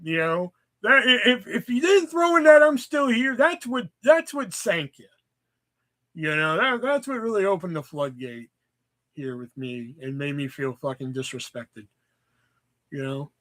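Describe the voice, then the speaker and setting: A man's voice: a little high, expressive, measured pace, a bit bright. A man hosting a live stream, chatting casually and ranting in mock anger with plenty of swearing. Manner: profane, rambling, mock-angry ranting. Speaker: livestream host.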